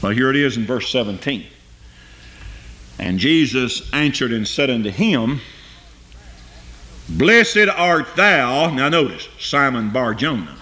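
A man preaching a sermon. He reads scripture and climbs to high, emphatic peaks, then drops low and quiet for his asides. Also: big pitch swings, takes it slowly, long pauses.

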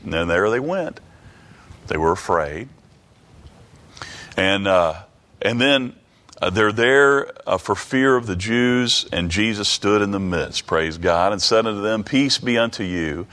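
A man preaching a Bible study sermon, halting and restarting, reading scripture aloud and asking the listeners many rhetorical questions. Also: fairly low pitch, sharp tone. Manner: reads King James scripture aloud.

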